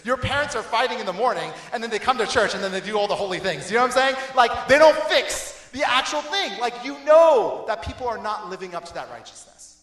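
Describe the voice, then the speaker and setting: A young adult man giving a casual youth sermon, lively and conversational, laughing often and checking in with the listeners. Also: very high voice, reverberant. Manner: animated, laughing, conversational with frequent "right?" and "okay?". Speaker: youth pastor. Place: church hall.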